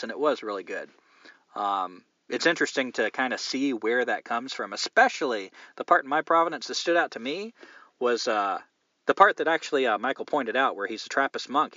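A man's voice: medium pitch, bright, forceful tone, no room sound, lo-fi sound. A man hosting a podcast, reading listener mail and chatting in a candid, meandering, profane way. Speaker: podcast host.

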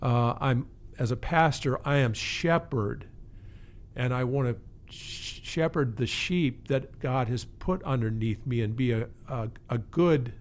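This medium-pitched man talks at a measured pace. He is a pastor and pastoral care teacher in a conversational interview, sounding earnest and thoughtful and frequently starting his phrases over.

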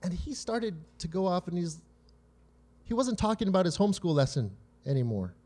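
A man preaching in a loose, conversational way, his voice a little higher than most men's. His tone is mellow and soft-edged. He keeps turning to the congregation with quick "right?" and "you know?" questions as he tells stories from home. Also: very animated. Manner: frequent "right?" and "you know?" check-ins with listeners; tells personal family stories to make points. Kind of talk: conversational sermon.

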